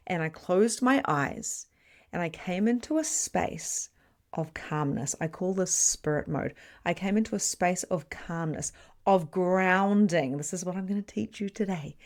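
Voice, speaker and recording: Chatty spiritual teacher woman, lowish voice. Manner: chatty and expressive, with playful asides. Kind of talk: casual storytelling to camera.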